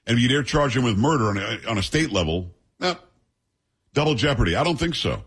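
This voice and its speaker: A man hosting a talk radio show, giving brisk, opinionated commentary and teasing his co-hosts. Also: mid-range voice, animated, fairly bright tone, husky.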